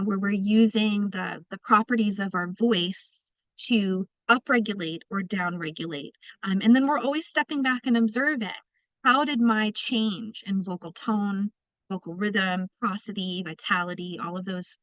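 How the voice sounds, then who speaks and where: A woman's voice: medium pitch, fairly bright tone, dry recording, poor audio. Woman presenting a webinar, dry sound. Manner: conversational, addresses participants and the chat directly. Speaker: presenter of a teacher training webinar. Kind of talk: online training presentation.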